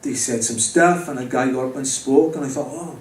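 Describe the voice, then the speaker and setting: A man's voice: mid-range voice, a little fast. A man giving a personal faith testimony to a live audience, speaking conversationally and addressing the listeners directly. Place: pub or club venue with an audience. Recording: roomy, distant mic with faint background noise.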